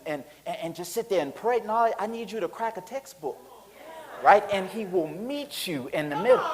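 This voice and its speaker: A man preaching a sermon, animated and colloquial, telling stories to the congregation. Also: high-pitched, low-quality recording.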